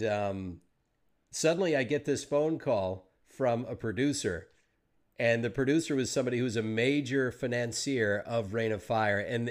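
Man hosting a relaxed interview podcast. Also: medium pitch. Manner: thoughtful, explains at length. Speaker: podcast host. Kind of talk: casual interview chat.

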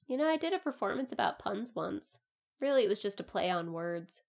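A woman's voice: mid-range voice, sing-song, normal speed, vocal fry. A woman co-hosting a podcast in easygoing casual chat, laughing often. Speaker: podcast co-host.

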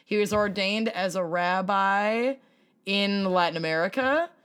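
A woman's voice: mid-range voice, a little slow, clean tone. A woman co-hosting a casual true-crime podcast, reading from her notes and laughing as she tells the story. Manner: animated storyteller, laughs while reading quotes. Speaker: podcast co-host.

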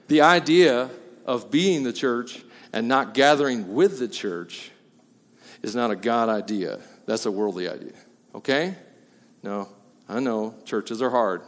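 A pastor preaching a sermon, emphatic and swinging between loud and quiet, with jokey asides. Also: male voice, mid-range voice. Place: church hall. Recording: long hall reverb.

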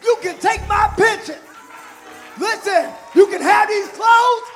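A man preaching a sermon, shouting and chanting repeated phrases in a live church service. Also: very high voice, takes it slowly. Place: church sanctuary. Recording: live church with music and congregation. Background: organ music and responding crowd.

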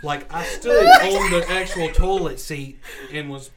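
Guest, male, lively rambling storyteller, heavy background noise. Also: sits high, a little slow. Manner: rambling, profane anecdote. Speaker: podcast guest. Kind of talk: casual storytelling chat.

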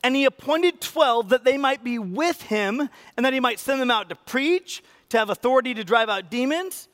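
A man preaching a sermon as pastor, animated and acting out quoted voices with sudden rises in pitch and loudness. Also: moderate pace.

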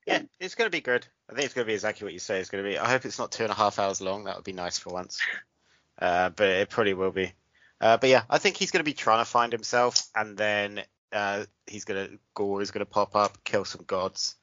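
A man's voice: lowish voice, brisk, fairly bright tone, no echo, dull audio. A man chatting casually as a podcast co-host, making dry jokes and wry asides. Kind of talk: casual chat.

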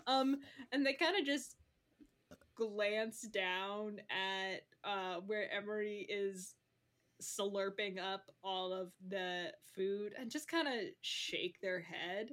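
A woman narrating a tabletop role-play game as game master, laughing often and talking in a halting, chatty way. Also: medium pitch, a bit bright.

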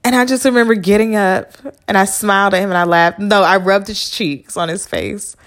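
A woman's voice: medium pitch, normal speed, fairly bright tone. A woman hosting her own podcast, telling a personal story in a candid, blunt, conversational way, swearing freely and talking straight to the listener. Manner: conversational, addresses listener directly. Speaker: podcast host. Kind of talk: casual solo storytelling monologue.

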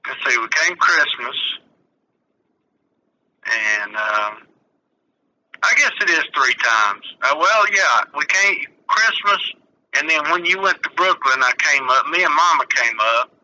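An older man with a Southern US accent, chatting slowly and agreeably as a guest on his daughter's podcast. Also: on the high side, animated, sharp tone, dull audio. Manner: slow, easygoing, agreeable. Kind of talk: casual chat.

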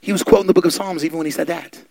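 A man preaching a sermon, fervent and building to loud exhortation. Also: fairly high pitch, fairly even intonation, rapid-fire, vocal fry, no room sound.

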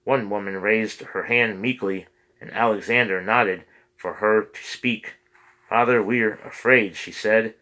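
Low bright-toned male narrator. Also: a little slow. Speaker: audiobook reader. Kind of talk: audiobook narration.

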